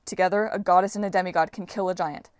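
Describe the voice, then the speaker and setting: A woman's voice: fairly low pitch, steady tone, quick pace, no room sound, natural voice. A young male demigod hero makes his case in an earnest, persuasive voice, as a woman narrator puts him on. The reading is close-miked and dry.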